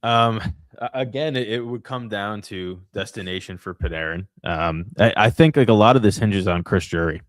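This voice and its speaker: A man with a very low voice chats casually about sports on a podcast. He thinks aloud, weighs his ideas and often restarts his sentences. The sound is dry and close, with no room echo. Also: moderate pace. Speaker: podcast co-host.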